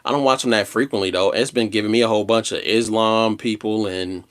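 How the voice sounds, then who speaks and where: A man chatting casually on a livestream, rambling in a slangy, laid-back way with animated outbursts. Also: on the low side, a little fast. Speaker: live streamer.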